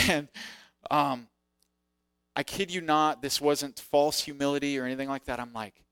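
Male preacher, slightly high smooth voice, lively candid storyteller, dry close sound. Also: moderate pace, no echo. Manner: animated, acts out quoted voices; self-deprecating, candid. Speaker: preacher sharing testimony. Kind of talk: sermon storytelling.

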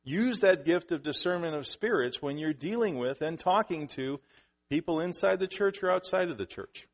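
A male pastor preaching a sermon in a conversational way, who restarts sentences, makes asides to the congregation and grows louder and higher on the points he stresses. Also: expressive, moderate pace.

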